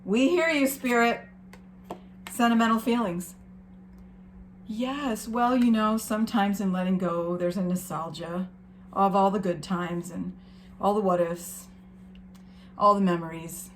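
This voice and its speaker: A woman giving an encouraging spiritual card reading to her viewers, gentle and sometimes emotional. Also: medium pitch, flat delivery, unhurried, long pauses, slight background noise. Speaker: tarot reader.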